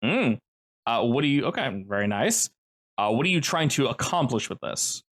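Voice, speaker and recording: Male game master, lively delivery, chatty rule explanations. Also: medium pitch, moderate pace. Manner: lively, explanatory, many fillers. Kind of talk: running a tabletop game over voice chat.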